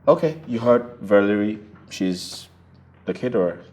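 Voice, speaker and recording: An actor playing a wealthy, smug groom who brushes people off, speaking with a Nigerian accent. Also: male voice, on the low side, lively intonation, measured pace, darkish tone. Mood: dismissive. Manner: smug and dismissive. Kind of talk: film drama acting.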